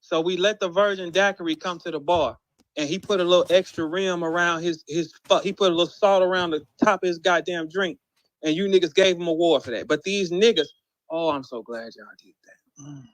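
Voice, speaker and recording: A man's voice: high-pitched, a little fast, no room sound. Profane ranting man, dry close sound. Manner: profane, incredulous, mocking, shouts quoted lines. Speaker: battle rap commentator. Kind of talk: heated ranting monologue.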